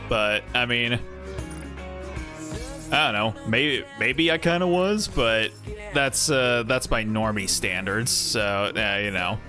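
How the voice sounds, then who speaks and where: A man giving rambling, sarcastic commentary while he streams a game, laughing often. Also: medium pitch. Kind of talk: casual gameplay commentary.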